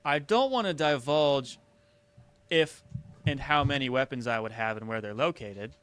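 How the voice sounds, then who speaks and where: Bright, clear-voiced man joking on a podcast. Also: medium pitch, moderate pace, no room sound. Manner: joking, acts out scenes in big put-on voices. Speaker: podcast co-host. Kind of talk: casual chat.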